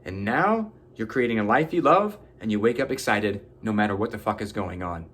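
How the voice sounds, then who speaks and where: A man's voice: on the low side, animated, fairly quick, a bit bright, breathy edge. A man giving an earnest, preachy motivational self-help talk, swearing casually. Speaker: motivational vlogger.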